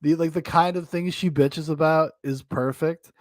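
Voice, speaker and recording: A man's voice: fairly high pitch, fairly even intonation, moderate pace, no room sound, studio quality. A man hosting a podcast in loose, rambling casual chat, often laughing. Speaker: podcast host.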